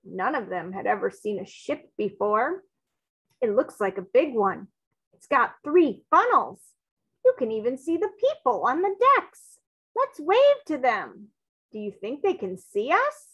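Lively woman reading a storybook aloud. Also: fairly high pitch, unhurried, husky, poor audio. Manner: expressive read-aloud with acted dialogue.

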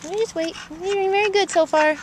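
A woman training a dog outdoors beside a park, coaching softly and breaking into high sing-song praise, on camera audio. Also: brisk, background noise. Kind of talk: live dog training session.

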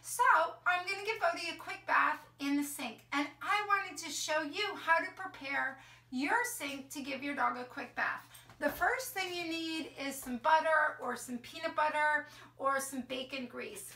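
A middle-aged woman dog trainer demonstrating how to clean a dog at an indoor sink, talking in a calm, soothing way. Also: sits high, unhurried.

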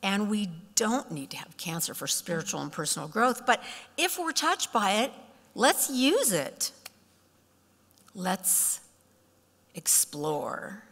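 A woman's voice: medium pitch, slow, pauses often. A middle-aged woman giving a storytelling keynote speech, acting out the voices of people in her stories. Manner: animated, acts out quoted voices. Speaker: keynote speaker. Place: conference hall. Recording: long hall reverb.

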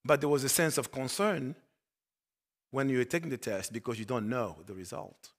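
A male pastor preaching a sermon, swinging between loud emphatic bursts and quiet low asides. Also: moderate pace. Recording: long hall reverb.

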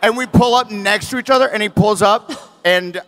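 Animated, swearing man telling a story live. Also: high voice, moderate pace. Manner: animated, swearing, acts out quotes. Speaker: podcast co-host. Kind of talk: casual storytelling before a live audience. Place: live venue stage.

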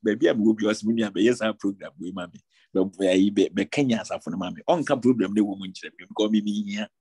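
A Ghanaian man preaching a sermon, his voice husky and a little rough. He builds intensity as he goes and mixes English words into his speech. The sound is dry and close, with no room echo. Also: on the low side, fast, warm tone. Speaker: pastor.

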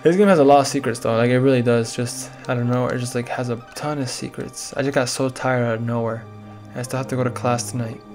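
A man's voice: mid-range voice, fairly even intonation, fast, darkish tone, soft background music. A tired young man rambling through casual gameplay commentary, with lots of "like" and side stories. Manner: rambling, chatty, frequent "like". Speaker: let's play gamer.

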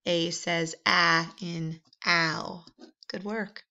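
A woman's voice: on the low side, steady tone, very slow, pushed and bright. A woman teaching vowel sounds in a phonics drill, patient and encouraging, drawing out each sound. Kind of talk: slow, deliberate phonics drill. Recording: slightly dull, lo-fi sound.

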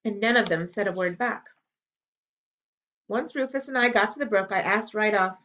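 A woman reading a children's novel aloud for a library, lively storytelling with character voices, on a dull lo-fi recording. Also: medium pitch, moderate pace, long pauses. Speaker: library read-aloud host.

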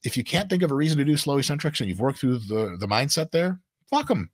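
A husky man talks quickly with a lively, swooping pitch, swearing often and driving his points home. He sounds middle-aged and comes across as an expert guest in a casual discussion. The sound is dry and close. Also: no echo. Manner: profane, fast and emphatic, acts out voices. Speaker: guest expert on muscle training.

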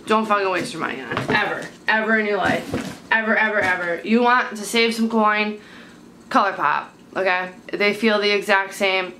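A young woman talks to her handheld camera at home, rambling from one thing to the next and turning blunt and sweary when something annoys her. Her voice sits at an ordinary middle pitch. A steady hiss runs under the home recording. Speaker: beauty vlogger. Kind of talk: casual chat to camera. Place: at home, indoors. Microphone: handheld camera mic.

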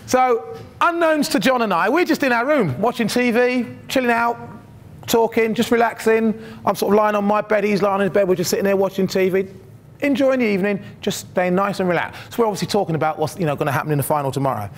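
A man's voice: sits high, fast talker. A middle-aged man, telling a humorous story from his sprinting days to students. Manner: animated, humorous, addresses the audience directly. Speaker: motivational speaker, former sprinter.

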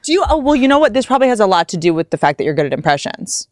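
A woman's voice: mid-range voice, sing-song, rapid-fire, a little mellow, no room sound, studio quality. A woman in her thirties hosting a podcast, chatting casually with blunt, crude jokes. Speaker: podcast host. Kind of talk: casual chat and read ad.

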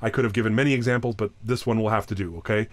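A man's voice: lowish voice, steady tone, very fast, no room sound. A man giving a recorded lecture on chant. He explains plainly, often restarts his sentences, and now and then sings short examples. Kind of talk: recorded talk.

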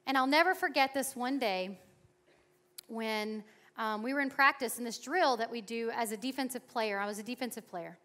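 A young adult woman from Florida preaching a sermon at a conference, telling stories with sudden loud emphasis. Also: a little high, moderate pace. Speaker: conference speaker. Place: conference hall.

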